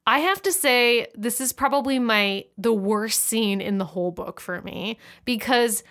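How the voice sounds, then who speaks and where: A woman's voice: on the high side, measured pace. Young woman chatting sarcastically about a book. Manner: animated retelling, sarcastic asides. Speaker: podcast co-host. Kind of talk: casual book discussion.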